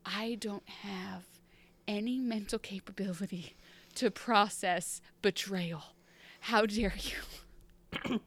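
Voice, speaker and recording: A woman's voice: high voice, monotone, fast talker, hardly any pauses, clear, resonant tone, voice pushed up, lightly acted. A woman doing a dazed, lost heroine. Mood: dazed mockery.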